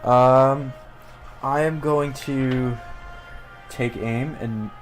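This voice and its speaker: A man playing a tabletop game, calmly working out his moves aloud with fillers and pauses. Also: medium pitch, faint music behind. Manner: measured, thinking aloud with fillers. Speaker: player. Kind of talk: casual tabletop play.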